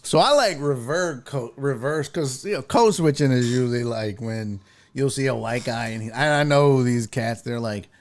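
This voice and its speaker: A man's voice: mid-range voice, normal speed. A middle-aged man hosting a casual sports talk stream, chatting with viewers in a profane, jokey way. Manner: profane, animated, jokey, slips into mock voices. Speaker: sports talk show host. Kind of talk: casual live-stream chat, reading viewer comments.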